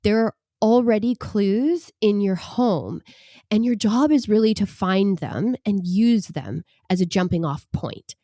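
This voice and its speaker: A woman's voice: mid-range voice, animated, unhurried, warm tone, dry recording, clean studio sound. A woman hosting a design podcast, giving advice in a reassuring, coaching way. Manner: reassuring, coaching tone with tag questions. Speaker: interior design podcast host. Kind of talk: advisory podcast talk.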